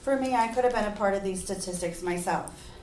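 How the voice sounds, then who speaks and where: A woman's voice: mid-range voice, fairly quick, darkish tone, slight background noise. A woman giving an earnest persuasive speech, at times emotional. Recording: echoey room, mic far off.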